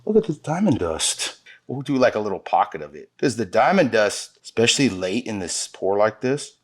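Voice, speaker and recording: A man's voice: lowish voice, big pitch swings, moderate pace. A man teaching an epoxy pour as the show's host. He talks to viewers in an enthusiastic, slangy way while he works. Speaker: epoxy countertop instructor. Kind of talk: hands-on product demonstration.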